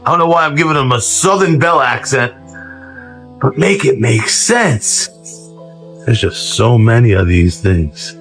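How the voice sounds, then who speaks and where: Man, host, casual reaction commentary, wry quips, slow pace, lively voice. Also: a little high, soft background music.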